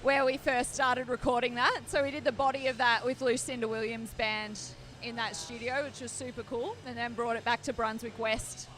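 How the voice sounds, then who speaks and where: An Australian woman with a fairly high voice chats as a musician guest. She tells stories in a loose, giggly way. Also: steady tone, moderate pace, a bit bright. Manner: chatty, giggly, storytelling. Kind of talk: casual chat.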